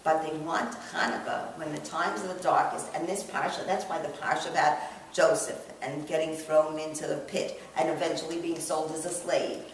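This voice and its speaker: Low-voiced woman teaching a chatty class. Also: slight background noise. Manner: chatty, asks the group questions, frequent "you know". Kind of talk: informal religious class talk. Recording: echoey room from far off.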